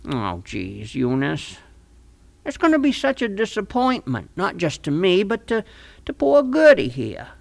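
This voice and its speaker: A man's voice: high voice, huge pitch swings, a little slow, vocal fry, exaggerated voice. A man voicing a scheming small-town fellow in a comic radio play, talking in a folksy, wheedling, overly sweet way.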